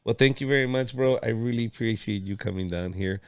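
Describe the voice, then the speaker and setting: A man's voice: lowish voice, fairly quick, clean tone, no room sound. A man with a Mexican accent hosting a podcast, chatting loosely with a guest, swearing and laughing often. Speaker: podcast host, comedian. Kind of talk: casual interview chat.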